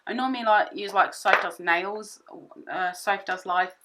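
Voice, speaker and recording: A young woman chatting through a makeup tutorial at home, excitable and rambling, often repeating herself. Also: medium pitch, a little slow, heavy background noise. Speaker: beauty vlogger.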